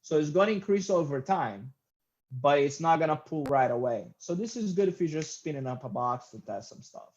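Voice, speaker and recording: A man teaching IT in a screen-recorded software tutorial, talking loosely with many hesitant fillers. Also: fairly high pitch, expressive, moderate pace, highs cut off. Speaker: IT instructor.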